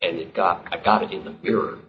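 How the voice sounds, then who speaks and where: A man's voice: deep voice, fairly even intonation, quick pace, distant mic, slight background noise. A man preaching a sermon as pastor, emphatic and climbing to impassioned peaks. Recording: roomy, dull live sermon recording.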